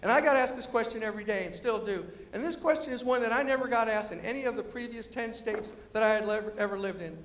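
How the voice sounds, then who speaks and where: A man telling funny stories to an audience in a lively, animated way, with a New York accent softened by West Virginia, acting out quoted voices. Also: quick pace, few pauses, slight background noise. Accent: New York with West Virginia influence. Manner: animated, acts out quoted voices with big pitch jumps. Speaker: storyteller and humorist giving a talk. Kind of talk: comic storytelling speech. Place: large lecture hall with audience. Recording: hall reverb.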